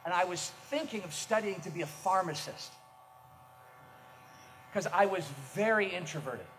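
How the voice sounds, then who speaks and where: A middle-aged man preaching a sermon as a pastor, telling self-mocking stories with energy and bursts of shouting. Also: sits high, lively intonation, moderate pace, soft background music. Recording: echoey hall, faint noise.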